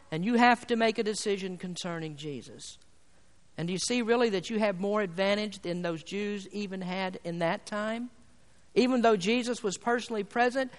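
A male pastor preaching a sermon, building to loud appeals and pressing rhetorical questions at his congregation. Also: extremely high pitch. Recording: long hall reverb.

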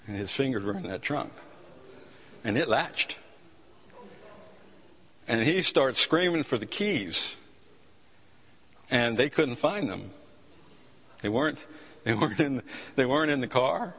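Guy preaching, mid-pitched voice, lots of restarts, big echo from the church hall. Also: normal speed, pauses often, a bit bright. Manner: impassioned storytelling preacher with repeated restarts. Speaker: pastor. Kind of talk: sermon. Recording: long hall reverb.

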